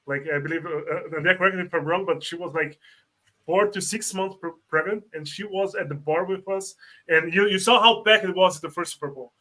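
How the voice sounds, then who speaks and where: A man, a guest fan, telling a story in halting bursts with repeated words and laughter. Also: high-pitched, pushed and bright, rough recording. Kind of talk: casual storytelling.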